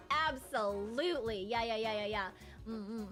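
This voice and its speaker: A woman's voice: on the high side, measured pace, a bit bright, faint music behind. A woman streamer chatting casually with her viewers, rambling and humming between thoughts. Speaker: live streamer. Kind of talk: casual live-stream chat.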